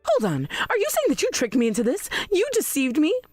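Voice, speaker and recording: A woman plays a proud, self-righteous mother in a text-message story drama, pitched a little high with a lively, swooping delivery. She sounds sharp and defensive, in a dry close recording with faint music behind. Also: a little fast, no echo. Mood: outraged.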